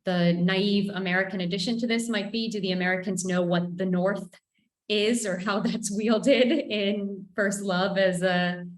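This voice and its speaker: A woman's voice: medium pitch, steady tone, unhurried. A woman interviewing a novelist over a video call, playful and reading out audience questions. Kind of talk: conversational literary interview. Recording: roomy video call audio.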